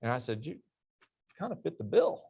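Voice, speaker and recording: A man's voice: mid-range voice, sing-song, normal speed, gravelly, darkish tone, slightly rough, highs cut off. A middle-aged man, an army veteran and interview guest, telling stories animatedly and laughing at his own punchlines. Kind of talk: storytelling in a church class interview.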